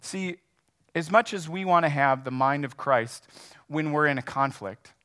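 A man preaching a sermon, retelling a parable in a lively, animated way. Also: a little high, a little slow, clean tone. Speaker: pastor. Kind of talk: sermon storytelling.

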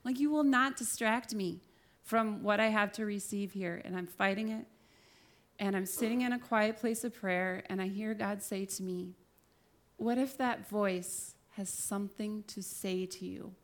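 A woman's voice: medium pitch, measured pace. A woman telling a candid personal faith story and giving encouragement, self-deprecating and laughing at herself at times. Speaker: speaker giving a faith talk.

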